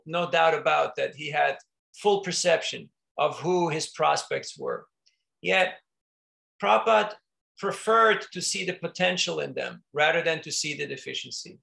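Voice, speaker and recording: Giving an informal spiritual talk, a monk tells stories in a conversational way, restarting often and laughing softly. His voice is a little high, bright and forceful, with vocal fry.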